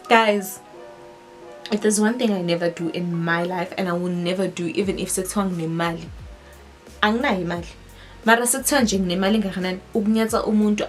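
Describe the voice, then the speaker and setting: A woman with a South African accent, telling a personal story to her viewers in an animated, emphatic way. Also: medium pitch. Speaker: vlogger. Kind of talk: storytelling to camera.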